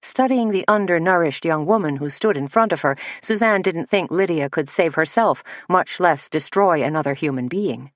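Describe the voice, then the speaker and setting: A woman narrating a mystery audiobook in a steady, measured manner on a close studio mic. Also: fairly low pitch, no echo. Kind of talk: scripted narration.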